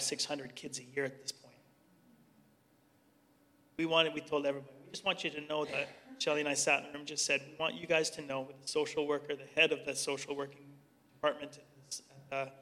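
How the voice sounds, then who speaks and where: A man's voice: mid-range voice, pushed and bright. A middle-aged man, director of a youth organization, earnestly sharing a personal testimony and then leading a prayer, talking conversationally and restarting sentences as he searches for words. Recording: long hall reverb.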